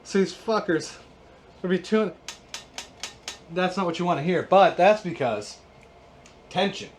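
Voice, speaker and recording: Man, 30s, slightly high voice, sarcastic exasperated vlog host, profane rants, faint noise. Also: animated, unhurried. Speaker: YouTube host. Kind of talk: casual guitar how-to vlog.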